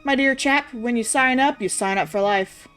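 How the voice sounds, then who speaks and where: A woman's voice: fairly high pitch, moderate pace, fairly bright tone, smooth, faint music behind, natural voice. Woman putting on a blustering old army brigadier. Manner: posh put-on British accent, attempted and shaky. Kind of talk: reading game dialogue aloud on stream.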